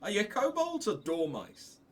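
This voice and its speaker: A man's voice: high voice, wildly swooping pitch, unhurried, faint music behind, pitched above the performer's own voice, full character voice. A man voicing a brash, tough woman adventurer, reading game dialogue aloud in a blunt, scornful, slangy way.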